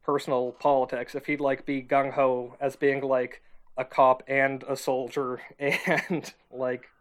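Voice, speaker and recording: A man co-hosting a casual podcast, chiming in with hesitant, self-correcting remarks and quick asides. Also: medium pitch, little pitch movement. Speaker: podcast co-host. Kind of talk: casual chat.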